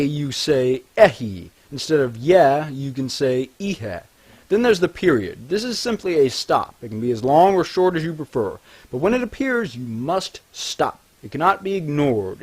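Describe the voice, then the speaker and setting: Man, instructional voice-over, deliberate, carefully enunciated, lively intonation. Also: fairly high pitch. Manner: clear, deliberate, enunciating examples slowly. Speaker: language tutorial narrator.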